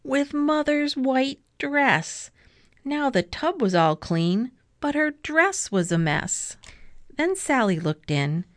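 A woman reading a rhyming children's book aloud in an expressive, rhythmic way. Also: medium pitch, slow, no room sound, clean studio sound. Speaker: storyteller.

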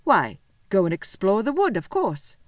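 A woman reading aloud, voicing an earnest, bossy older schoolboy in a brisk, emphatic way. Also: mid-range voice, huge pitch swings, no room sound.

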